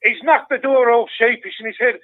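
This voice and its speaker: An older man, calling in over a tinny phone line. His voice sits high, and he swears constantly as he tells a story with plenty of energy. The sound is dry, with no room around it. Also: fairly even intonation, brisk, no room sound. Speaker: caller. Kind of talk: casual phone-in chat.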